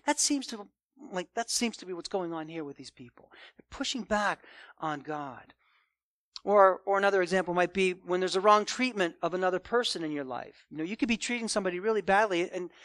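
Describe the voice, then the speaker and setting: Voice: medium pitch, a bit bright, no room sound. A preacher giving a Sunday morning sermon in an emphatic, conversational way.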